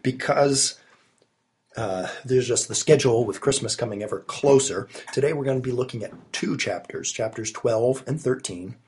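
A man's voice: medium pitch, normal speed, a little mellow, husky. A man preaching a sermon, recorded alone in his study while he has a cold, earnest and emphatic with rising stresses. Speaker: pastor.

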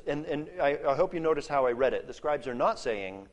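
A man's voice: medium pitch, animated, moderate pace. A man giving a spoken lesson on a Bible passage. He explains as he goes, restarts and repeats words while he thinks, and checks in with "okay?" and "right?". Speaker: Bible teacher.

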